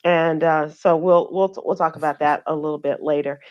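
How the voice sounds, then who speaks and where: A woman with a low voice hosts a radio show and runs through the headlines in an easy, conversational way. She talks with plenty of fillers and restarts, and the audio sounds a little muffled. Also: fairly even intonation, normal speed, a little mellow. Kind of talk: casual news chat.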